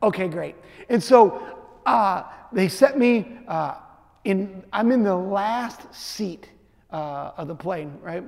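A man preaching a sermon, telling a personal story in a lively way with frequent "right?" asides. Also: high-pitched, takes it slowly, gravelly. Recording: echoey hall reverb.

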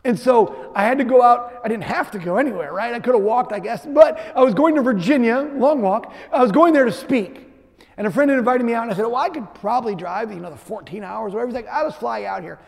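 A man preaching a sermon, telling a personal story in a lively way with frequent "right?" asides. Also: very high-pitched, fast, creaky. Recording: echoey hall reverb.

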